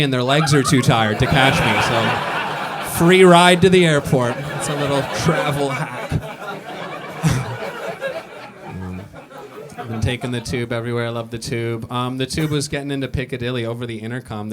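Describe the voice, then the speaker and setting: A young American man doing a stand-up set in a comedy club on a boat, wry and deadpan, laughing along with the crowd. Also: fairly high pitch, normal speed, noisy background. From United States.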